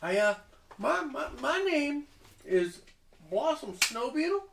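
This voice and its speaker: A man's voice: very high voice, sing-song, takes it slowly, vocal fry, background noise, pitched above the performer's own voice, heavily acted. A man voicing a flamboyant halfling woman who owns a mead hall, speaking in a grand, theatrical way. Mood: grandly indignant. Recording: echoey room.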